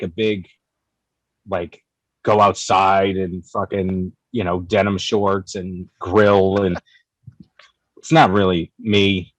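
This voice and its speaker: A young man telling a story in casual chat, animated and profane, acting out both sides of an argument. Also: sits low, no room sound, rough recording. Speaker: guest, cigar company figure.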